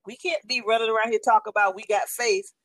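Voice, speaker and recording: A woman in her sixties sharing a faith testimony in a casual, animated and emphatic way, often calling the listener honey. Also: fairly high pitch, fast, no room sound. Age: 60s.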